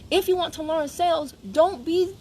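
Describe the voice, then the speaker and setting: A woman's voice: very high-pitched, moderate pace, dark tone, a little hiss or hum. A woman from Georgia gives an emphatic, chatty motivational talk to her sales team on a live stream. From Savannah, Georgia, USA. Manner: emphatic, repetitive, chatty with asides to viewers. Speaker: network marketing seller coaching her team.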